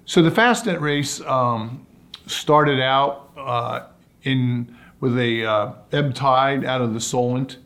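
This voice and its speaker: A man telling sailing stories as a guest in an interview, in a relaxed anecdotal way. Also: mid-range voice, takes it slowly. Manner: relaxed anecdotal storytelling, acts out quotes. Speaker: guest, sailor and sailing commentator. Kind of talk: storytelling in a podcast interview.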